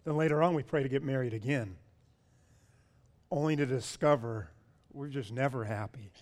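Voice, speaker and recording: A man preaching a sermon as a pastor, animated, asking his congregation questions and often repeating words. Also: mid-range voice, moderate pace.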